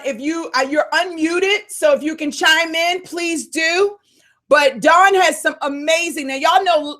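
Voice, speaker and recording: A woman coach hosting a live Q&A call, fired up and loud, calling her listeners y'all. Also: high voice.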